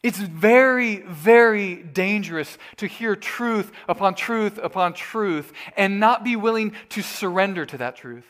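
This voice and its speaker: A man's voice: high voice, unhurried, hardly any pauses, fairly bright tone. A male pastor preaching a sermon in an earnest, emphatic, storytelling way.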